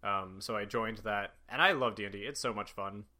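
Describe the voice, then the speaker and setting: Young male podcast host, very bright, forward voice; loose, rambling, laughs a lot. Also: lowish voice, fairly quick. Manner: rambling, laughs often, many fillers. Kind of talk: casual chat.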